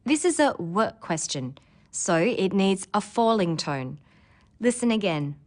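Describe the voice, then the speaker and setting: A woman narrating a scripted English lesson, explaining points clearly and at a measured pace. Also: medium pitch, very animated, faint music behind.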